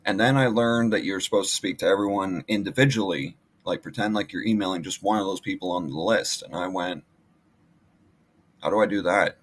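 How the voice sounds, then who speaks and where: Man, low voice, casual vlog talk, rambling, lots of ums and restarts. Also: fairly quick, hardly any pauses. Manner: rambling, many fillers and restarts. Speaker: online marketing vlogger. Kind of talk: casual screen-share walkthrough.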